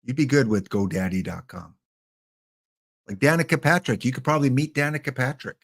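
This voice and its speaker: A man's voice: medium pitch, a little fast, vocal fry, fairly bright tone. Sex: man. Role: chatty game streamer. Style: casual live-stream talk. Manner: chatty, joking, addressing chat by name.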